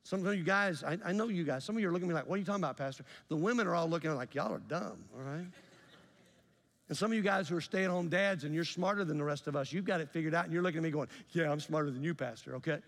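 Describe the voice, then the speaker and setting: A middle-aged man preaching a sermon as pastor, telling a story, acting out the dialogue and swinging from loud to soft. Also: fairly high pitch, very fast, in a large hall. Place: church sanctuary.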